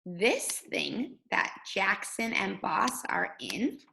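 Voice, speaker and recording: A woman teacher leading a guided reading lesson for young children, speaking slowly and patiently. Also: medium pitch, very animated, vocal fry, pushed and bright, slight background noise, low-quality recording. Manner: slow, patient, sing-song teacher voice.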